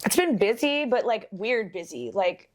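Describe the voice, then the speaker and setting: A young woman co-hosting a podcast, telling a bartending story in a casual, swearing, animated way. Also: medium pitch, normal speed. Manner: swears freely, animated when quoting people.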